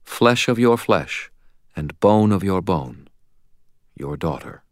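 A man voicing a calm, deep-voiced archangel. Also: no echo, studio quality. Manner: calm, measured and quietly firm. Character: calm, sorrowful male archangel. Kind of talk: audiobook character voice.

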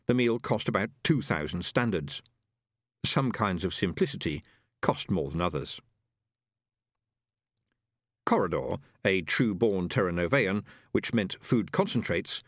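A man narrating an audiobook in an expressive storytelling manner. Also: lowish voice, no echo, studio quality. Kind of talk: scripted narration.

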